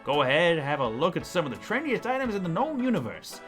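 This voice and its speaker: A pushy alien shopkeeper with folksy, hard-selling patter, as a man puts him on for a game playthrough. The accent drifts as he talks, and his pitch swoops up and down. Soft music plays underneath. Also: sing-song, moderate pace. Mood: welcoming. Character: pushy male alien gift-shop salesman.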